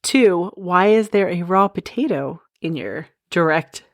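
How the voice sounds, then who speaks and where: A woman's voice: fairly low pitch, lively intonation, measured pace, dry recording, clean studio sound. A woman hosting a comedic true crime podcast in casual chat, often breaking into cackling laughter. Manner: giggly, keeps breaking into loud cackling laughter. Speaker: podcast host.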